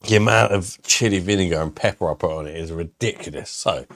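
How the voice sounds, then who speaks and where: Speaking quickly in a low, slightly bright voice with no room sound, the beer reviewer hosts his live stream. He keeps it casual and blunt, swearing, laughing often, and reading aloud from the chat.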